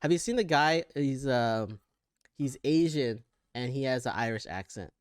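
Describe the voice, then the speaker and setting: A man's voice: mid-range voice, lively intonation, moderate pace, no echo, clean studio sound. A man with an American accent co-hosting a casual podcast, hesitant and trailing off with fillers and small laughs. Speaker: podcast co-host. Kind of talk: casual chat.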